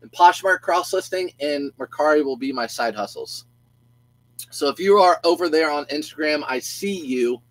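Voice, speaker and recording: A man's voice: a little high, animated, moderate pace, fairly bright tone, no room sound, low-quality recording. A middle-aged man, a reseller chatting casually on a live stream, goofy and talkative, greeting viewers by name and stumbling over his own restarts.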